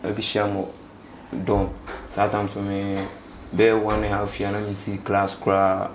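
A young man from Ghana telling his story in a casual street interview, speaking haltingly and mixing English with local words. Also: fairly low pitch, monotone. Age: young adult. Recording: echoey space with faint background noise.

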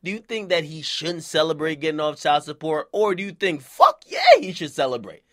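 A man's voice: on the high side, brisk, no room sound, studio quality. A young man giving a casual, profane, slang-heavy rant about celebrity gossip for his channel. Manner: animated, profane, slangy street talk. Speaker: YouTube commentator.

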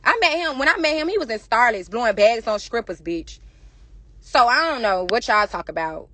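A woman's voice: a little high, expressive, bright, forceful tone, slight background noise. A young woman in an angry social media rant, defiant and profane, firing insults at her critics. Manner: rapid-fire insults directed at critics. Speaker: rapper addressing fans.

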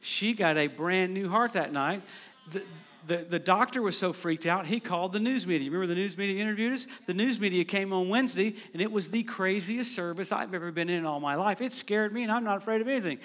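A middle-aged man telling a lively, playful story during a sermon in a church. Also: sits high. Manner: animated, playful anecdotal delivery with quick asides. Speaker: guest preacher. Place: church sanctuary.

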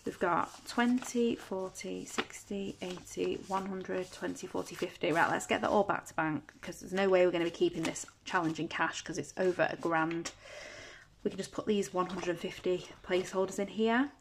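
Woman, lowish voice, casual budgeting chat, counts money aloud, faint background hiss. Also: moderate pace, vocal fry. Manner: chatty, counts banknotes aloud in a steady patter. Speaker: budgeting vlogger. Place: home.

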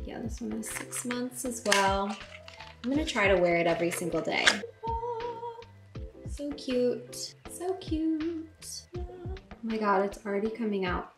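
A young woman vlogging about her beauty products in casual chat to camera, chatty and excitable, with lots of fillers. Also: medium pitch. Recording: roomy echo with music over it. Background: background music.

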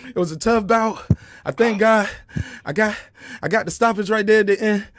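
A man's voice: high voice, normal speed, pitched above the performer's own voice, natural voice. A man imitating a humble male boxer giving earnest, rehearsed thanks right after a win.

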